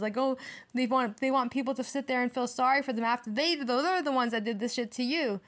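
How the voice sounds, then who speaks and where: Woman tarot reader, slightly high voice, brash and profane, casual vlog delivery. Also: a little fast. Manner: brash, profane, emphatic, lots of swearing.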